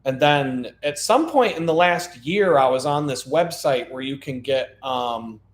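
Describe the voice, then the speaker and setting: A man's voice: medium pitch, measured pace. A middle-aged man hosting a live stream, telling long rambling stories that wander and double back, laughing at his own tales. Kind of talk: rambling casual storytelling. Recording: echoey room.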